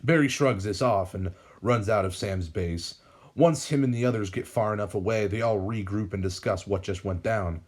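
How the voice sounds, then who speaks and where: A young man reading his own fan-written TV episode aloud in a steady narrating manner. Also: lowish voice, moderate pace. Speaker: fan writer and reader.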